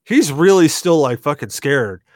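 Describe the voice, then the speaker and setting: A man hosting a podcast, tipsy from rum, telling a story in an animated, laughing way and swearing a lot. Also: fairly high pitch, measured pace, no room sound, studio quality. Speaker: podcast host. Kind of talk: casual storytelling chat.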